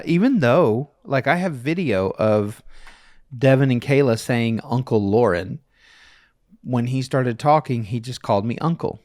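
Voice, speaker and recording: A man's voice: medium pitch, a little mellow, no echo, studio quality. A man in his forties, a podcast co-host, telling family stories in a rambling, chuckling way with many restarts. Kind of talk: casual chat.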